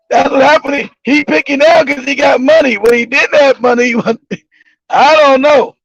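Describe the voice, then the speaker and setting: A man's voice: extremely high pitch, steady tone, unhurried, long pauses, a bit bright, dry recording. A male show host telling stories casually, profane and mocking, laughing often. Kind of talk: casual comedic storytelling. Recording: dull lo-fi recording.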